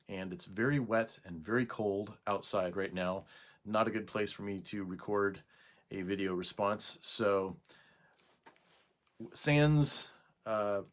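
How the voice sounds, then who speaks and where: A man talking casually to camera indoors for a video response, hesitant, with frequent pauses and fillers. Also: fairly low pitch. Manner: hesitant, with many fillers and restarts. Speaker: YouTuber making a video response. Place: indoors at night.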